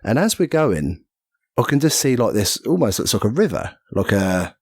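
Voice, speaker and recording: A man's voice: fairly low pitch, very animated, moderate pace, a little mellow, dry recording, clean studio sound. A man telling a story as a podcast guest, rambling and self-mocking, acting out the voices of people he quotes. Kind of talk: casual storytelling chat.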